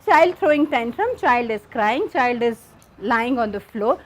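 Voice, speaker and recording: A woman's voice: a little high, animated, a little slow. A woman with an Indian English accent leading a parenting workshop, explaining earnestly and acting out examples. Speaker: workshop facilitator.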